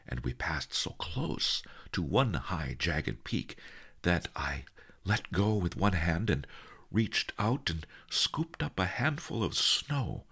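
A man narrating a story in a measured, storytelling way. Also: a bass voice, sharp tone, slightly rough. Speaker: audiobook narrator. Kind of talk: scripted narration.

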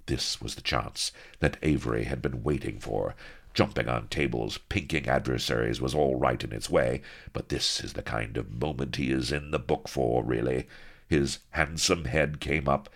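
A man's voice: rumbling low, normal speed, creaky. A man narrating a comic pirate story in a wry, droll manner. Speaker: audiobook narrator.

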